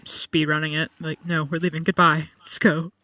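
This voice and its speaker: A man in casual chat, telling stories with animated, rambling energy and lots of "like". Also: fairly high pitch, moderate pace, no echo, recorded from a distance. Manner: chatty, animated storytelling with lots of "like". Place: home room.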